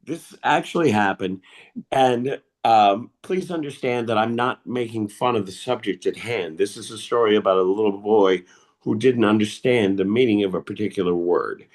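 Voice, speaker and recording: A man in his fifties doing stand-up, telling a personal story in a confiding, animated way over a home mic on a video call. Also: on the low side, normal speed. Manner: confiding, animated storyteller who admits to nerves. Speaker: stand-up comedian.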